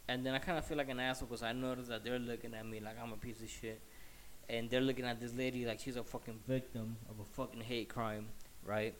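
A man's voice: mid-range voice, level tone, fast talker. Man, casual rant, swearing a lot, rambling, slightly sick voice. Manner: profane, heated, rambling.

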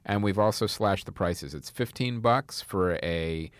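A man's voice: fairly low pitch, a little slow, clear, resonant tone, no room sound, studio quality. A man co-hosting a comedy film podcast, easygoing and laughing along as he plugs the show. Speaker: podcast co-host. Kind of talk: casual chat and show plugs.

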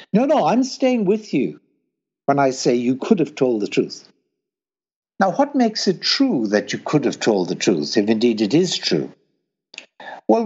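A man with a husky voice explains ideas in a lively, swooping way, his pitch rising high when he acts out urging someone on. The recording sounds dull and lo-fi. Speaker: guest philosopher. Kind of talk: explanatory conversation.

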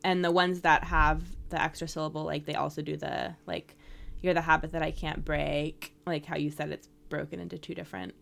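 Woman co-host, lowish voice with vocal fry, lots of ums. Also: flat delivery, a little fast, fairly bright tone. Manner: hesitant, many "um" fillers. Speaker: podcast co-host. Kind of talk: casual podcast chat about song lyrics.

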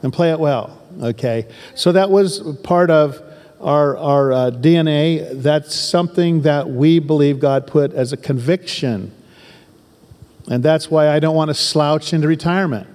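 Emphatic older pastor preaching in a hall. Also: male voice, a little high, measured pace, a little mellow. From southern Oregon. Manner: emphatic, repetitive preaching with folksy asides. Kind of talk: sermon.

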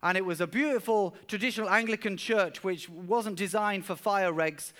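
High-voiced pastor preaching. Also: male voice, normal speed, fairly bright tone. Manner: earnest storyteller, often repeats words while speaking. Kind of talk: sermon. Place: church service.

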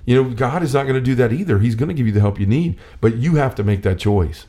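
A man's voice: mid-range voice, lively intonation, quick pace, warm tone. Earnest man talking through scripture. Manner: earnest, restarts often, acts out quoted lines. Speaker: co-host of a faith discussion. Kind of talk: casual Bible discussion.

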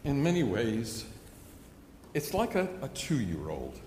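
Pastor with a lively, echoing voice. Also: male voice, mid-range voice, slow, a little hiss or hum. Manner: earnest storytelling, acts out a child's pleading. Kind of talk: sermon. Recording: echoey hall with long reverb.

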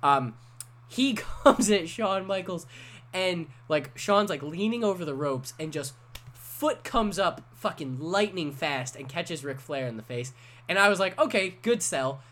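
A man in a casual podcast chat, telling a story with animated energy and swearing freely. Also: high voice, unhurried.

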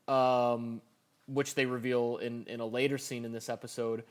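A man's voice: mid-range voice, normal speed, fairly bright tone. A man co-hosting a casual podcast, speaking hesitantly and repeating words as he works out his thoughts. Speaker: podcast co-host. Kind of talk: casual chat.

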